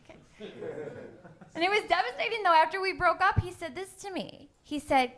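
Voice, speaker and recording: A woman's voice: very high voice, lively intonation, normal speed, pauses often, a bit bright. A young woman doing a stand-up comedy set, sarcastic and teasing the crowd with punchy delivery. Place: comedy club stage.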